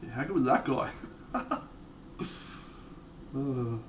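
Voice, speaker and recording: A man's voice: medium pitch, expressive, slow pace. An Australian man streaming live, chatting casually with viewers, swearing freely and laughing often. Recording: distant mic, faint background noise.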